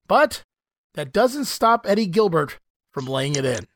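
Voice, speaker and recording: Animated man hosting a podcast. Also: high-pitched, a little slow. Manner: animated, laughs often, incredulous. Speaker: podcast host. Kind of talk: casual podcast commentary.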